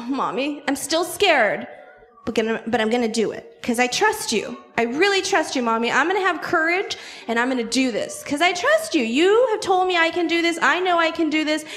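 A timid little girl's high, bright voice, pleading and fretful on a big hill, as a woman storyteller puts her on. She begs her mother not to make her ride down, then squeals with joy once she has done it. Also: lively intonation, moderate pace, in a large hall, soft background music. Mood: scared, determined. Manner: pleading, then breathless and thrilled. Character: scared little girl learning to ride a bike.

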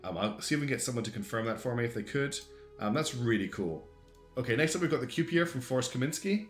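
A fast-talking man with a medium pitch and lively intonation reviews game designs from his community on a livestream. Chatty and thinking out loud, he keeps saying um and restarting. Faint guitar music plays behind a roomy echo.

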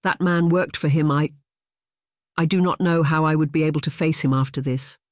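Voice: medium pitch, fairly even intonation, moderate pace, dry recording, clean studio sound, natural voice. A narrator voicing a sheltered young English noblewoman, prim and defiant with a trembling edge, in an audiobook. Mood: shaken. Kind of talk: audiobook character voice.

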